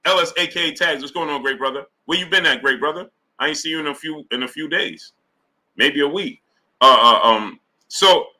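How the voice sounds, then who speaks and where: A male boxing streamer with a very bright, somewhat high voice. He talks in an animated, casual way. He keeps greeting his chat viewers by name between his points. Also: rough recording. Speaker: boxing talk show host. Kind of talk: live-stream chat reading super chats.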